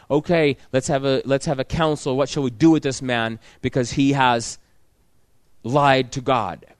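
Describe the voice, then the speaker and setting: A man's voice: medium pitch, no room sound, studio quality. A man preaching a sermon, reading scripture aloud and then explaining it plainly, with frequent restarts.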